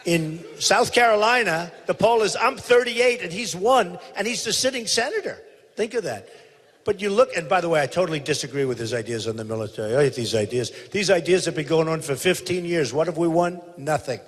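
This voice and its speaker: A man's voice: a little high, fairly quick. Emphatic, repetitive man in a long theater reverb. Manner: emphatic, repetitive, boastful, quotes others in a mimicking voice. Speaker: presidential candidate speaking at a rally. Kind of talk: rally speech in conversation onstage. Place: large theater hall.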